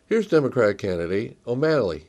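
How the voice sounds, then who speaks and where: Male host, scripted presenting, lively intonation. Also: medium pitch, brisk. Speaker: commentary show host.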